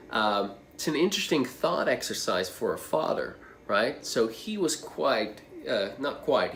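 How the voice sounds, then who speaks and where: A man's voice: mid-range voice, fairly bright tone, a little hiss or hum. A man coaching people with social anxiety, talking casually to the camera in a rambling, conversational way, with plenty of fillers and side remarks.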